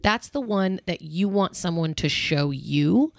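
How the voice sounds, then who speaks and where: A woman's voice: fairly low pitch, lively intonation, measured pace, creaky, dry recording, studio quality. A woman in her thirties hosting a podcast, chatting casually about relationships and laughing easily. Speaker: podcast host.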